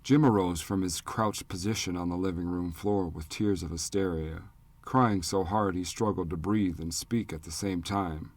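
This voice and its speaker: A man narrating an audiobook in a measured, even storytelling manner on a close studio mic. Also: deep voice, no room sound. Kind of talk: scripted narration.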